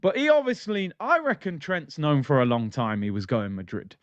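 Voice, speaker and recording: A man's voice: on the high side, expressive, moderate pace, no room sound. A man hosting a football livestream, talking in a passionate, blunt, ranting way. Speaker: football channel host. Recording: dull lo-fi, dry sound.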